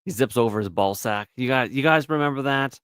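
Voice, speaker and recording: A man's voice: medium pitch, fairly quick, a bit bright, clean tone, no echo, clean studio sound. A man co-hosting a podcast in casual banter, crude and teasing, often slipping into mocking voices. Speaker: podcast co-host.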